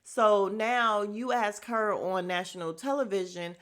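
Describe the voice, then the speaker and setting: A woman's voice: medium pitch, a little slow, a bit bright. A young woman hosting a casual podcast, animatedly recapping a reality show, laughing, swearing and mimicking the cast. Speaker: podcast host.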